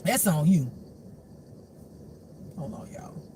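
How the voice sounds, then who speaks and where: A man's voice: a little high, big pitch swings, slow, mellow, a little hiss or hum. A man giving a casual intuitive spiritual reading who laughs often, swears freely, and lectures his listeners directly. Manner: preachy, addresses the audience directly.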